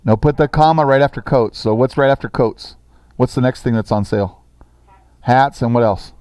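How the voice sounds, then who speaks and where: A middle-aged man teaching a sixth-grade language lesson in a classroom, brisk and encouraging, reading sentences slowly for students to copy. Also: mid-range voice, a little mellow, clean tone, dry recording.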